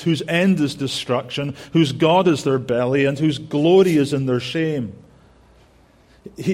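A male preacher delivers an expository sermon at a deliberately slow pace. His voice sits a little high for a man, and he speaks earnestly, stacking repeated phrases for emphasis and often restarting mid-phrase. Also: a little mellow.

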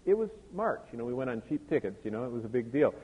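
A man's voice: medium pitch, sing-song, fast talker, darkish tone, slightly rough. An older man preaching a sermon, telling a personal story to his congregation with many asides. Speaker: pastor. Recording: tinny phone-like sound with long hall reverb.

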